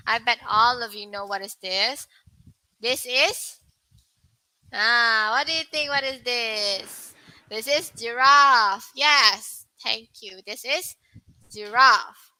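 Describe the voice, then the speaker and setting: A young woman teaching an online English pronunciation lesson, asking viewers questions and repeating words slowly. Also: a little high, pushed and bright, no room sound, low-quality recording. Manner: slow, repetitive, questions to viewers.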